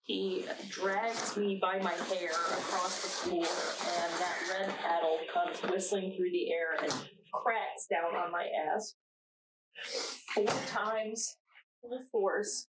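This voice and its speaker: A woman playing a haunted young woman, slow and hushed. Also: lowish voice, fairly even intonation. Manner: slow, hushed and halting, with long pauses. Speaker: narrator recounting her own ordeal. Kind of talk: dramatic monologue. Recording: distant mic with faint noise.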